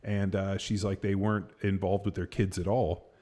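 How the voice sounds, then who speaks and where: A man's voice: low voice, flat delivery, normal speed, mellow. A man hosting a podcast, telling a story in a loose, rambling way, full of fillers and casual swearing. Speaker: podcast host. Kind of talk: casual chat.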